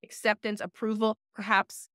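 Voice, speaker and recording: A woman's voice: mid-range voice, level tone, normal speed, a bit bright, clean tone, dry recording, clean studio sound. A woman life coach giving direct, emphatic dating advice in a podcast interview, often repeating key phrases for emphasis. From United States. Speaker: life coach and relationship expert guest.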